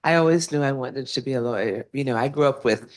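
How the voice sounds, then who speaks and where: A woman's voice: extremely low pitch, fast. A woman alumna on a panel, speaking playfully and humming a tune. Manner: playful, hums a theme tune. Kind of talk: casual panel talk.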